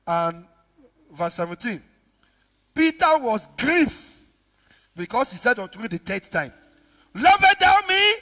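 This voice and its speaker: A pastor preaching a sermon, acting out dialogue with sudden shouts and low mutters. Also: male voice, a little slow, pauses often. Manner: animated preaching, acts out dialogue, big swings from shouts to mutters. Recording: reverberant hall with music behind.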